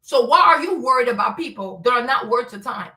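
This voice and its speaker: A woman's voice: fairly high pitch, animated, brisk, pushed and bright. A woman from Africa hosting a livestream, ranting bluntly and profanely with many rhetorical questions. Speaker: show host. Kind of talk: opinionated livestream rant. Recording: echoey room, mic at a distance.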